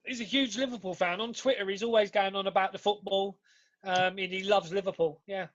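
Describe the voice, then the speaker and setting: A man's voice: sits high, steady tone, fairly quick, a bit bright. A man co-hosting a podcast, chatting casually, swearing a lot and restarting his sentences. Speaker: podcast co-host. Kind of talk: casual chat. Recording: dull lo-fi podcast audio.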